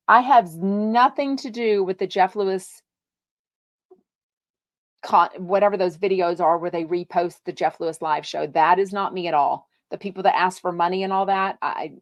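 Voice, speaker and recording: A woman's voice: fairly low pitch, dry recording, dull audio. A woman from Texas, hosting a live podcast, chatting casually and reading out viewer comments in a bubbly, gushing way with lots of fillers. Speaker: podcast host.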